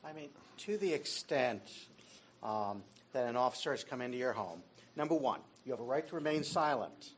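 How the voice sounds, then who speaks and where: Male lawyer at a members meeting; calm, measured, hesitant delivery. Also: medium pitch, slight background noise. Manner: measured advice, frequent ums and uhs. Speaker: attorney presenting.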